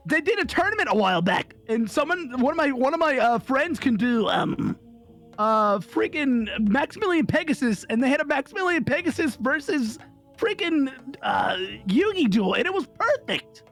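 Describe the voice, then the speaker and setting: A guest streamer with a raspy voice, joking and excitable in a casual live-stream chat. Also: high voice, moderate pace, soft background music.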